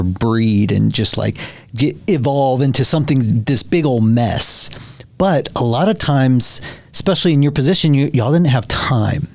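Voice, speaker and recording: A man with a drawl hosts a casual podcast chat, circling his point with many restarts. His mid-pitched voice sits dry and close to the mic. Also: a little mellow, dry recording. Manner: rambling, restarts a lot, folksy. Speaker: podcast host.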